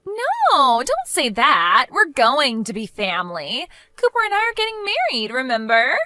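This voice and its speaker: A woman doing a shrill, entitled young woman who swings wildly up and down in pitch and keeps her voice piercingly bright. She whines and protests, sure she has done nothing wrong. It is a dry, close recording with no room sound. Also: wildly swooping pitch, a little slow, no echo, exaggerated voice. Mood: smug. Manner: shrill, indignant and whiny. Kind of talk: scripted story voice acting.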